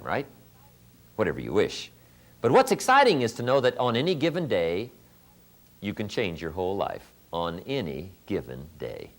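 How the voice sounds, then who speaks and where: A man giving a motivational seminar talk, telling stories with emphatic, punchy repeated lines. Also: low voice. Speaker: motivational speaker.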